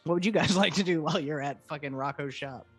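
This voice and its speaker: A man narrating as game master, quick and casual, swearing and laughing. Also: on the high side, slightly rough, dry recording, faint music behind.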